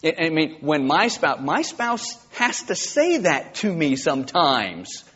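A male pastor preaching a sermon, impassioned and swinging from quiet to loud. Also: a little high, very animated, slow pace, breathy edge. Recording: dull lo-fi with long church reverb.

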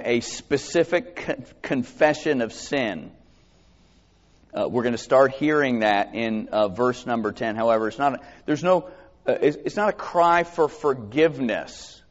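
A pastor preaching a sermon and reading scripture aloud, with earnest, halting restarts. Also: male voice, medium pitch. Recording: echoey hall, dull lo-fi sound.

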